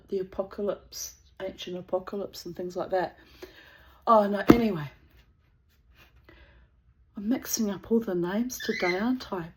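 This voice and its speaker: A woman's voice: mid-range voice, a little mellow, slight background noise. A woman telling a rambling, digressive anecdote in casual chat, breaking into laughter often. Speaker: channel host.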